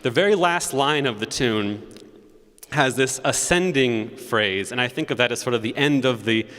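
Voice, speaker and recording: Organist speaking in a reverberant church. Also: male voice, mid-range voice, normal speed, fairly bright tone. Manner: chatty, storytelling, sings note syllables to demonstrate. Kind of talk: spoken introduction to a hymn at a concert. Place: large church sanctuary.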